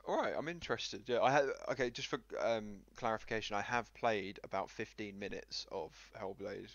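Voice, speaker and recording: A man hosts a casual podcast in a hoarse voice that is wearing out. His tone is low and gravelly, and he chats in a self-deprecating, joking way. The audio sounds a little dull and muffled. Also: moderate pace, a bit bright, no echo. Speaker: podcast host. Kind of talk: casual chat.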